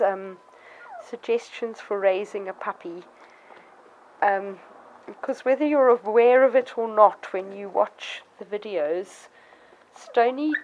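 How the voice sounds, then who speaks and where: Outdoors in a garden with dogs around, a dog breeder vlogs casually about her puppies, chatty and warm, breaking into sudden squeaky baby-talk at the dogs. The audio is dull with a noisy background, and dogs bark now and then.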